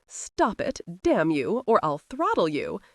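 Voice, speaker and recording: A woman's voice: mid-range voice, huge pitch swings, slow pace, no room sound, clean studio sound, full character voice. Woman doing an exasperated, growling young earl. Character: young male earl, hot-tempered and sardonic.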